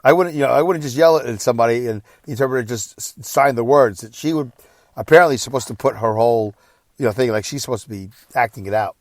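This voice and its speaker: A tired, exhausted man hosting a podcast, telling a personal story in a rambling, emotional way that swings between quiet and loud. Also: mid-range voice, quick pace, dry recording, clean studio sound. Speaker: podcast host.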